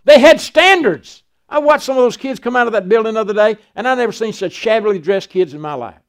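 An older man preaching a sermon in a strikingly high voice. He talks in a folksy, preachy way and slips into the voices of Bible figures as he tells their stories. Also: expressive, fast talker, clear, resonant tone. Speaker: pastor.

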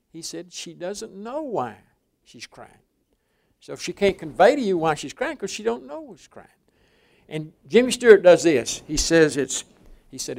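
A man's voice: medium pitch, vocal fry, a little mellow, dry recording. An older man preaching a folksy sermon, telling rambling stories with frequent restarts.

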